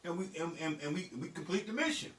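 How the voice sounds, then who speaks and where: A man's voice: on the high side, animated, quick pace, fairly bright tone. A middle-aged man, a beat producer, talking bluntly and profanely in a casual studio vlog. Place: home music studio. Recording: echoey room, mic at a distance.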